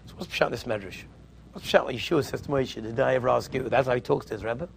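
A man giving a Torah lecture as a teacher, an emphatic and animated storyteller. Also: mid-range voice, fast, vocal fry, a little hiss or hum.

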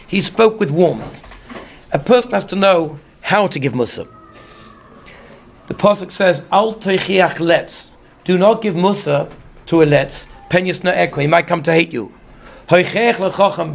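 A man giving a weekly Torah portion sermon, speaking in a measured teaching way and weaving Hebrew terms into his English. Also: high voice, lively intonation, vocal fry. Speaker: rabbi giving a Torah talk.

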